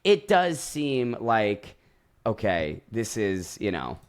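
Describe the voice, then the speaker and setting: A man's voice: on the low side, takes it slowly. A man co-hosting a podcast, casually recapping a reality show and acting out quotes from it. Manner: animated storytelling, acts out quotes, swears. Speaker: podcast co-host.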